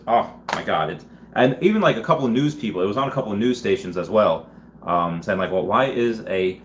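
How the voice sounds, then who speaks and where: A man with a somewhat low voice hosts a casual livestream, chatting with viewers and reading their comments aloud. He rambles and restarts often but picks up energy when he answers them. A faint noise sits behind the voice. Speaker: livestream host.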